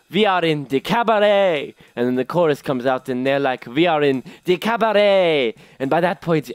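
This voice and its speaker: Guy vlogging a show summary, dry jokey tone, mid pitch. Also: dry recording. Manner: sarcastic, jokey retelling. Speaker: host. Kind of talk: casual musical summary vlog.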